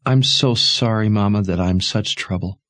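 A man voicing an earnest, worried young woman who speaks in hushed, pleading tones in a storybook reading. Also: lowish voice, moderate pace, dry recording, clean studio sound, voice pushed up, natural voice. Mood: tearful.

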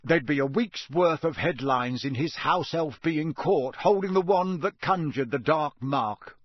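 A man's voice: a little high, lively intonation, measured pace, husky, no room sound. A man voicing an exhausted, irritable middle-aged father who grumbles about work. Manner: weary, irritable.

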